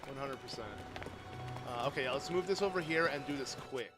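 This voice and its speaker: A young man streaming a game, chatting casually and rambling as he answers his viewers, with sudden loud outbursts. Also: mid-range voice, a little fast. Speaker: livestreamer playing a game. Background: game music.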